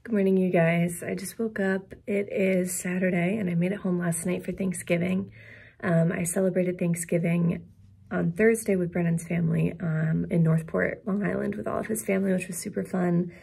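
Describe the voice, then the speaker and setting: A woman's voice: on the low side, fairly even intonation, normal speed, creaky, mellow, husky. A young woman from Syracuse, New York, chatting in an upbeat, casual vlog at her parents' house on a handheld camera. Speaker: vlogger.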